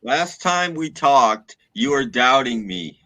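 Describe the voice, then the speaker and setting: A man's voice: medium pitch, big pitch swings, slow, bright, forceful tone, no echo, rough recording. A man joining a casual live video chat as a guest, teasing and pleased with himself.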